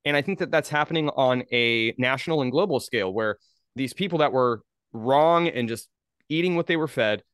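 A man makes his points emphatically in casual podcast talk, swearing as he goes. His voice sits at a normal middle pitch. The recording is dry and close. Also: normal speed, a bit bright, smooth, no echo. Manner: emphatic, profane.

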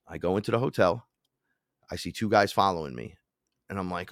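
A man, a podcast guest telling animated, profane stories and acting out the quotes. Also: low voice, a little fast, no echo, studio quality. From Bronx, New York. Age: 40s. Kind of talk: casual storytelling.

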